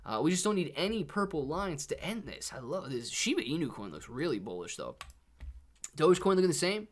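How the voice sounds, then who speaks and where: Young male streamer, higher-pitched, excitable, breathless market hype. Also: fairly quick. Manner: hyped, thanks viewers by name. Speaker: live stream host. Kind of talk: live stream chat and market commentary.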